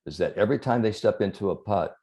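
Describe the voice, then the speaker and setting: A man, a sports psychologist, talking as an interview guest and telling anecdotes in a lively, chuckling way. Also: lowish voice, quick pace. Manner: animated storyteller, chuckles through anecdotes. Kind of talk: conversational interview storytelling.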